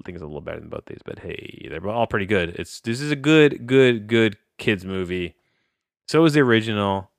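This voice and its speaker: Young adult male podcast reviewer: rambling, self-interrupting, excitable, low-ish voice, dry recording. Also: no echo. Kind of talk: casual film review chat.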